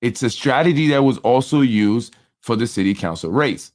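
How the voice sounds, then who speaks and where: A man hosting a casual political commentary show, animated and repetitive, often asking "right?" and acting out what others said. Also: medium pitch, normal speed. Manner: animated, repetitive, with frequent tag questions; acts out other people's speech in quoted voices. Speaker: political talk show host.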